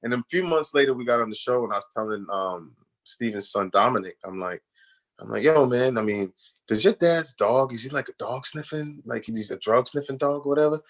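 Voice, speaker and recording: In a relaxed radio interview, a male guest tells stories at a fairly quick clip with a mid-range voice. Animated and slangy, he mimics others' voices when quoting them and often says "you know what I'm saying."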